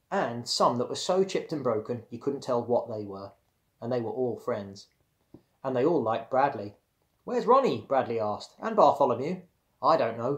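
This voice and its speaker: Man reading a children's story aloud. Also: medium pitch. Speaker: primary school teacher.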